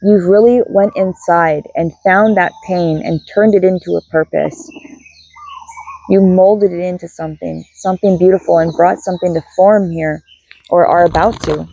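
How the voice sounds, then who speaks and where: A woman with a somewhat low, warm, relaxed voice leads a soft, unhurried guided meditation. Between passages she turns chatty and apologetic as she talks through a spiritual card reading. She is recorded on a phone with a clip-on microphone. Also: gravelly, a little hiss or hum, poor audio.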